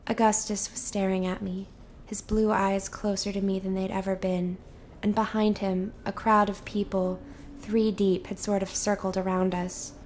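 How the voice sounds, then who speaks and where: A young woman giving a soft, measured and intimate reading of a novel as scripted narration. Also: mid-range voice, level tone, a little hiss or hum. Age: young adult. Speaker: student reader.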